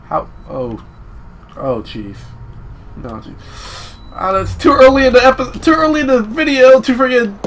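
A young man giving excitable let's-play commentary, swearing, laughing and yelling apologies over game audio. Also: on the high side, a little hiss or hum. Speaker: gaming channel host.

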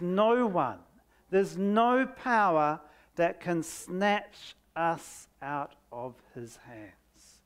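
A preacher giving a sermon at a church service, reading scripture aloud with heavy stress on key words and letting each phrase fall nearly silent. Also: mid-range voice. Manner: slow, deliberate delivery that drops to near silence at phrase ends.

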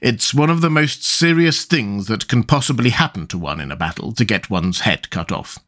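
A fussy, quarrelsome little man from a storybook who sounds childish and petulant, as a man acts him out. His voice sits high and jumps about in excited swings. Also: moderate pace, heavily acted. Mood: grave.

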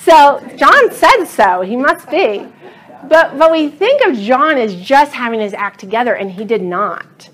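Teaching a Bible study, this middle-aged woman speaks earnestly and with animation, growing passionate and emphatic as the story unfolds. Her pitch is high and her pace unhurried.

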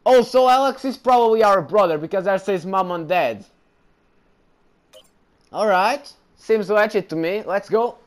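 A man giving excited let's play commentary while gaming, often calling his audience bro. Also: high voice, a little slow. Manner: excitable, keeps saying bro. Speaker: gamer.

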